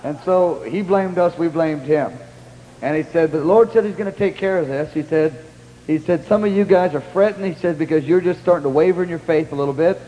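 A man's voice: a little high, a little fast, warm tone. A man retelling a shared story, quoting others and prompting his partner to go on. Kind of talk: conversational retelling. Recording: long hall reverb with faint hum.

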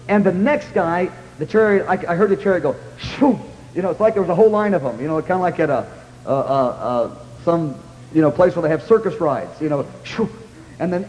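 A man preaching a sermon and telling a story in an earnest, halting way, full of restarts, at times shouting as he re-enacts it. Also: high voice. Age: young adult. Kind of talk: sermon testimony. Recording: echoey hall with faint hum.

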